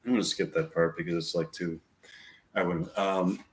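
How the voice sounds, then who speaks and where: A man's voice: sits low, flat delivery. A man reading his own screenplays aloud and introducing the scenes, stopping and restarting as he goes. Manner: rambling, halting restarts. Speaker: amateur screenwriter. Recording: echoey room.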